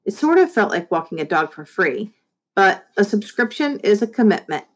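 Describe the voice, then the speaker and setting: A friendly, expressive woman reading a chapter book aloud to children. She speaks straight to her young listeners in a warm read-aloud tone, giving the story lively shading as she goes. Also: mid-range voice, moderate pace. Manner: friendly, expressive, addresses kids directly.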